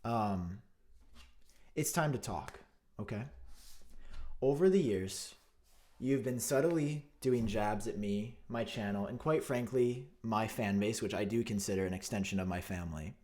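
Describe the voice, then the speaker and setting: A man vlogging to camera in a mock-outraged, sarcastic commentary, theatrical and swinging between loud jabs and muttered asides. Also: lowish voice, measured pace. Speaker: tech vlogger.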